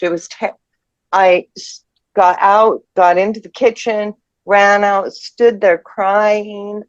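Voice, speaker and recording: Teary 50s woman telling her story, kinda low voice, stops and restarts a lot, muffled dry sound. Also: no room sound. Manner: halting, emotional, restarts mid-sentence. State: tearful. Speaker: person sharing a ghost experience. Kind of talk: personal storytelling. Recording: dull lo-fi dry audio.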